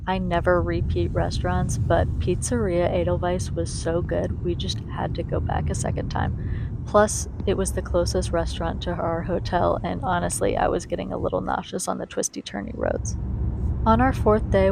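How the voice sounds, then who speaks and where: A young woman narrates her travel vlog in a chatty, eager voice-over. Her voice sits a little low for a woman, and she often turns to speak straight to the viewers. It is recorded close on the mic. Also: steady tone, moderate pace, vocal fry, noisy background. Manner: chatty and enthusiastic, addresses viewers directly. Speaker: travel vlogger.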